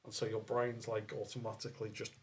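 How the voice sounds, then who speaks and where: A man co-hosting a casual podcast chat, explaining his point in a measured way. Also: fairly low pitch, monotone, background noise. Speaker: podcast co-host.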